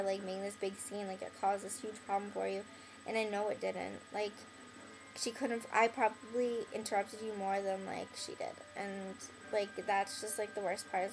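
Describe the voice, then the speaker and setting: With a noisy background behind her, a young woman speaks to camera in a mid-range voice. It's a casual, rambling vlog aimed at an ex-friend, blunt and bitter, stuffed with filler and "like" in nearly every phrase.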